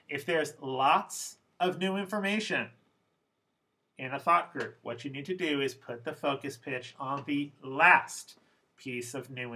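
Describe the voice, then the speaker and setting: A man teaching English pronunciation in a recorded lesson, explaining slowly and with deliberate emphasis. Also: mid-range voice, pushed and bright, rough recording.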